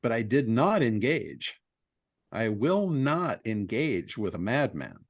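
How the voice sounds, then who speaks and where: A man of middle pitch hosts a casual business call. His voice swings widely up and down as he talks, and he laughs often. The sound is close and dry. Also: very animated, takes it slowly, no room sound. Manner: blunt, laughs often, mild swearing. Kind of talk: casual chat, telling stories and giving advice.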